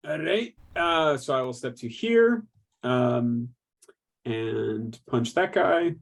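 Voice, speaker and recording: A man playing a tabletop game, talking hesitantly with many pauses and fillers. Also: medium pitch, lively intonation, creaky. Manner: hesitant, lots of ums. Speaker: player.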